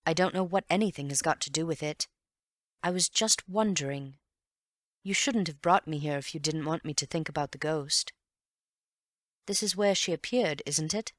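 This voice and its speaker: A woman reading an audiobook and voicing a calm, wry gentleman amateur detective who reasons in an unhurried, teasing way. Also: deep voice, dry recording, studio quality, close to an everyday voice. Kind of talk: audiobook character voice.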